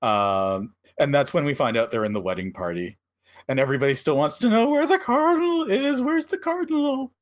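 A man in easy podcast banter whose voice rises and falls a great deal. He laughs constantly while retelling scenes and tosses off playful voices for the characters. His pitch sits in an ordinary middle range. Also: sing-song. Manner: laughs often, mimics characters in quick asides. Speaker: podcast co-host. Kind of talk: casual movie recap chat.

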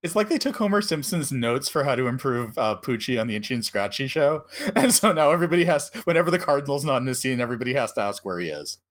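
Chatty male co-host, bouncy and expressive, giggles through his recaps. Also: medium pitch. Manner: laughs often, mimics characters in quick asides. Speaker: podcast co-host. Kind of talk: casual movie recap chat.

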